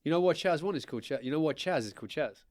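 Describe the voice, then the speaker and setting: A man's voice: fairly high pitch, lively intonation, very fast, darkish tone, no echo. A man in his thirties, a podcast guest chatting casually and telling anecdotes, breaking into laughter and acting out quotes. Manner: storytelling, laughing, acts out quotes. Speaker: guest artist.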